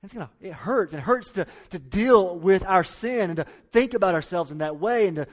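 A man preaching a sermon, emphatic, repeating key phrases and dropping to quiet low lines. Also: expressive, normal speed. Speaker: pastor.

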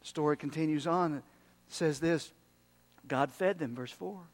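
A man preaching a sermon as pastor, swinging from loud emphasis to hushed, near-whispered asides and shifting his pace for effect. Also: on the high side. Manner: speeds up and slows down for emphasis.

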